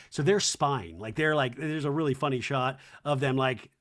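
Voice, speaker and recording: A man's voice: mid-range voice, normal speed, fairly bright tone. A man hosting a podcast, giving a wry, chatty recap of a reality show. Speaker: podcast host.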